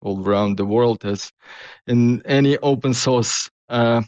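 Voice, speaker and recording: A man's voice: mid-range voice, measured pace, darkish tone, dry recording, muffled recording. A man as the interview guest, answering hesitantly with non-native phrasing. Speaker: guest, company founder.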